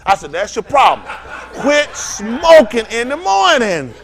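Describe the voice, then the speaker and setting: Animated preacher man, high lively voice. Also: measured pace. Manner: animated, acts out both sides of a story, laughs often. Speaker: pastor. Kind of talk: informal sermon with storytelling.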